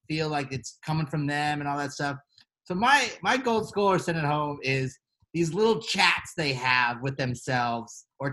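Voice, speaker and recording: A man's voice: fairly high pitch, a bit bright. A man co-hosting a podcast in casual chat, rambling with lots of filler words. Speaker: podcast co-host.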